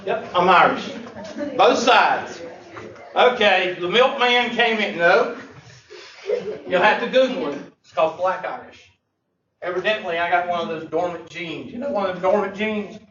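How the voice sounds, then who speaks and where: High-voiced guy teaching math, jokey, far off in an echoey classroom. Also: normal speed, fairly bright tone. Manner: joking, folksy, drawled Southern phrasing. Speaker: math instructor. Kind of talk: classroom lecture. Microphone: far room mic. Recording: echoey, distant, muffled classroom recording.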